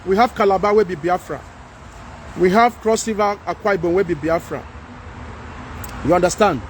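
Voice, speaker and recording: A man with a Nigerian accent hosting a livestream, talking to viewers and reading their comments in an animated, pleading way. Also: high-pitched, moderate pace, slight background noise. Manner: animated, pleading, mixes in Pidgin. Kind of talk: casual livestream talk.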